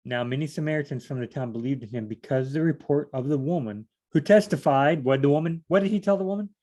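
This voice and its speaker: Reading through scripture in a casual Bible study, a man rambles, poses questions to himself, and repeats phrases with plenty of fillers. His voice is fairly high but dark in tone, and he speaks at a quick pace.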